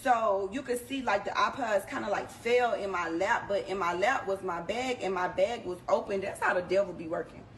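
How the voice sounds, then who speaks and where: A woman telling a personal story in a casual, animated, slangy way, addressing her listeners directly. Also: medium pitch, normal speed, hardly any pauses, rough recording. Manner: animated, slangy, talks straight to the audience. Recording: background noise under the voice.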